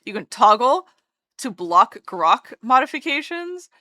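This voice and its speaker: A woman's voice: on the high side, big pitch swings, measured pace, sharp tone, no echo, studio quality. A woman streamer chatting casually while drawing, gushing and rambling as she interrupts herself.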